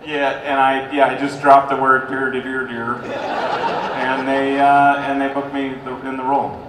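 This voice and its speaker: A man tells a story at a convention panel, animated and chatty. He sounds distant from the mic, his voice bouncing around a large, noisy hall. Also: medium pitch, unhurried. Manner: animated storyteller, breaks into a put-on drawl. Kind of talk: casual panel Q&A answers. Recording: roomy hall, from far off, noisy crowd.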